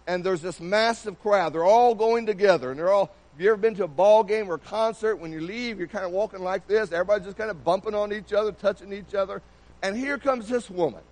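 A man's voice: sits high, fast talker, darkish tone, rough recording. A man preaching a sermon in a church, keeping it conversational and putting many questions to the congregation.

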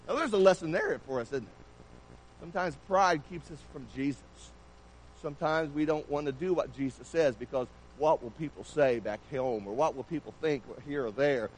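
A man's voice: fairly high pitch, moderate pace, a little hiss or hum, poor audio. A man preaching a sermon in a church, keeping it conversational and putting many questions to the congregation.

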